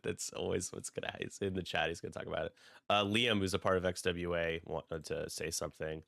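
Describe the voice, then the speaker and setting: A man's voice: sits low, level tone, brisk, creaky, a bit bright, no echo, clean studio sound. A man moderating a panel, easygoing and joking. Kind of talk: casual moderating.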